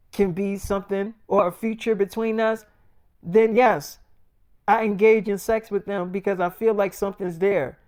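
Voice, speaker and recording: A man's voice: high voice, darkish tone, clear, resonant tone. A man voicing an angry, jealous young girlfriend who swears and confronts her boyfriend. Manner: profane, confrontational, rapid complaints.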